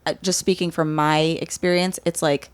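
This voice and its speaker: A woman's voice: deep voice, moderate pace, clean tone, dry recording. A woman comedian guesting on a podcast, chatting casually and acting out quoted lines as she tells stories. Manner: animated storytelling, acts out quoted lines. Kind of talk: casual chat.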